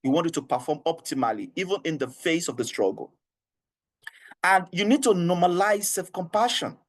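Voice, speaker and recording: A man's voice: fairly high pitch, expressive, moderate pace. A man with a Nigerian English accent, an HR trainer giving an online training session, earnest and coaxing, repeating his points and often laughing.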